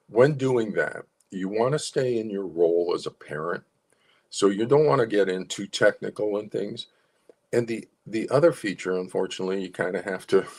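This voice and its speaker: Gravelly, lively-voiced man coaching clients. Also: low-pitched. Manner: explanatory, coaching, repeats key phrases. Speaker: psychologist consultant. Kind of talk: informal advice talk to clients.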